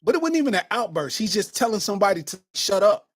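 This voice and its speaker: A man's voice: high-pitched, fast talker, no room sound. A man in his forties, a comedian hosting his own podcast, telling stories in a casual monologue full of street slang. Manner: animated storytelling with street slang.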